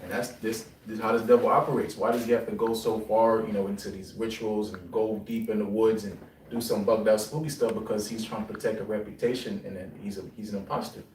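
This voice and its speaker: A man's voice: lowish voice, little pitch movement, fast, few pauses, darkish tone, slight background noise. A man in a Bible class reading a verse aloud and then explaining it, with frequent "you know"s. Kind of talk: reading scripture and commenting. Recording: echoey room from far off.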